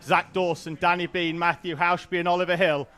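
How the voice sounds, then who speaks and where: A man's voice: high-pitched, flat delivery, brisk, pushed and bright. A man from Yorkshire with a Yorkshire accent, giving chatty, joking live commentary on a kart race. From Yorkshire, England.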